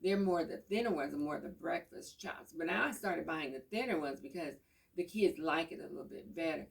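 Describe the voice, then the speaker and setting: A woman's voice: low voice, animated, a little fast, creaky. A middle-aged woman chatting casually and telling rambling, homey stories. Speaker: vlogger. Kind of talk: casual chat. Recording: voice a bit far from the mic.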